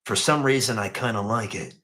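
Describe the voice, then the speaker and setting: A man's voice: fairly low pitch, a little fast, pushed and bright. A man hosting a casual reaction show, mocking and profane as he riffs on clips.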